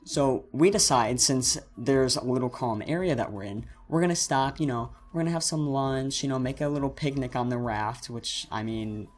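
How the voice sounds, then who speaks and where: A teenage boy hosting a casual storytime vlog, rambling and correcting himself as he tells an animated story. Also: mid-range voice, moderate pace, few pauses, soft background music. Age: teens. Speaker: channel host.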